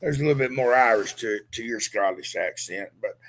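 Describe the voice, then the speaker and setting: An older man co-hosts a casual podcast chat, talking about his dogs and accents in a loose, rambling drawl. His voice is mid-range and a little fast.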